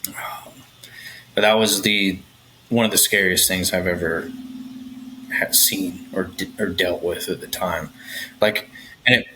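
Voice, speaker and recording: A man's voice: low-pitched, fairly even intonation, a little slow, long pauses, bright, forceful tone, a little hiss or hum, poor audio. A man speaking as a podcast guest, telling personal stories candidly and swearing freely.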